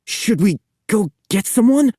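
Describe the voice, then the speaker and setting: A man's voice: sits high, very animated, unhurried, mellow, no echo, studio quality, voice pushed up, heavily acted. A man voicing a nervous, frightened boy who asks shaky, anxious questions. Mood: scared.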